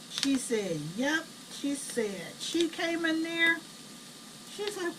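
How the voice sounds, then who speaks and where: Woman, middle-aged, chatty storyteller, high voice, distant camera mic. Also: takes it slowly, background noise. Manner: blunt, chatty, animated retelling. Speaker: home cook telling family stories. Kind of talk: casual storytelling while cooking. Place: home kitchen.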